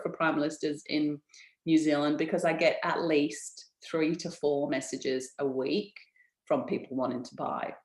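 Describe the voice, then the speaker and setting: A woman's voice: low-pitched, steady tone, measured pace. Chatty woman presenter, echoey room. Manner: enthusiastic, many ums and restarts. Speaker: business founder presenting an info session. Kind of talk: webinar presentation, casual and chatty.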